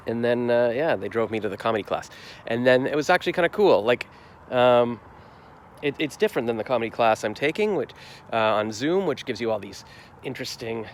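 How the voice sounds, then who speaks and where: Rambling man recapping his day. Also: on the low side. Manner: rambling, reflective, with many fillers and restarts. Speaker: vlogger. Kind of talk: casual daily vlog recap. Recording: faint street noise outdoors.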